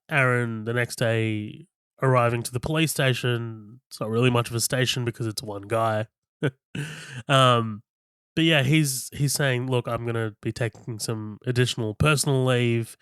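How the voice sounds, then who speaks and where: A man co-hosting a casual film podcast, relaxed and laughing often, with many fillers. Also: medium pitch, unhurried, clear, resonant tone, no room sound, studio quality. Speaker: podcast co-host. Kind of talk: casual film-review chat.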